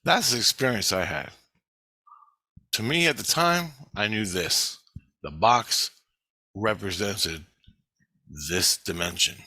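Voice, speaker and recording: A middle-aged man vlogging, telling a story in a rambling, excitable way with frequent swearing. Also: on the low side, slow pace, pauses often, dry recording. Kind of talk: casual storytelling.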